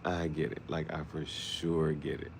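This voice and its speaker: A man's voice: very deep voice, level tone, unhurried, creaky, a little hiss or hum. A man, rambling in a loose, joking monologue and often laughing. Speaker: vlogger.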